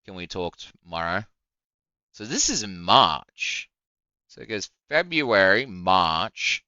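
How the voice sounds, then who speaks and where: A man's voice: deep voice, sing-song, slow pace, pushed and bright, smooth, dry recording, dull audio. A young man reacting to a video in casual commentary, swearing often and breaking into indignant outbursts. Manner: profane, heated, indignant outbursts.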